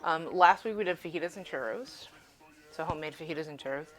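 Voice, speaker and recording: A woman's voice: low-pitched, animated, fast talker, a bit bright. A woman streaming from her home kitchen, chatting casually as she cooks, swearing freely and laughing often. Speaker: cooking streamer. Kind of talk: casual live-stream chat while cooking.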